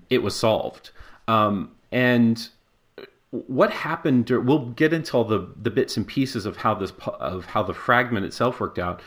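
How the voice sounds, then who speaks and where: A man hosting a podcast, talking loosely over a video call. His voice sits low, and he wanders through his points with lots of "um"s and laughs. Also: a bit bright. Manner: rambling, with many fillers and laughs. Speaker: podcast host. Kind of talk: casual podcast chat. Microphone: personal microphone on a video call.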